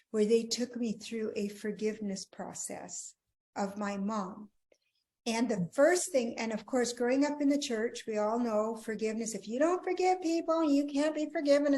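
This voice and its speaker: A middle-aged woman, a marriage coach, telling her personal story earnestly in an interview, often dropping to a hushed tone. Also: a little high. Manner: earnest, emotional, drops to a hushed voice at tender moments.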